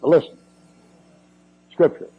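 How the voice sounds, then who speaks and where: An older man, a preacher answering questions in a church Q&A, folksy, blunt and emphatic with joking asides, on a muffled old cassette recording. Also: takes it slowly.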